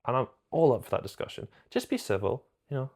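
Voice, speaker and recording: A man's voice: mid-range voice, very animated, quick pace, darkish tone. A man chatting casually and enthusiastically to camera about films, rambling and correcting himself as he goes. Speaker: film reviewer.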